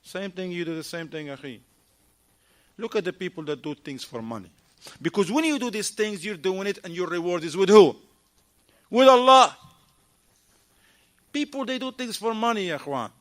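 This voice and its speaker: A man giving an animated talk at a mosque, firing rhetorical questions at the audience and acting out short dialogues. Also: sits high, normal speed, pauses often. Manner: acts out little dialogues in shifting voices. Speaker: mosque lecturer. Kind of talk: lively mosque talk on marriage.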